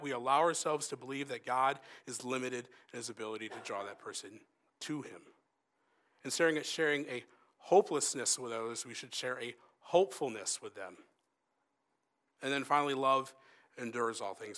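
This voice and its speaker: A young man preaches in an earnest, conversational tone, his voice sitting in an ordinary middle register. He builds up to emphatic lines and drops to a soft hush for quoted asides. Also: mid-range voice. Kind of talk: sermon.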